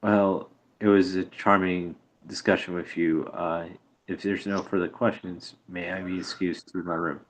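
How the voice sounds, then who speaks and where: Soft courteous noblewoman, voiced by a man in his own low voice, quiet delivery. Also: flat delivery, a little slow, a little hiss or hum. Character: polite noble lady.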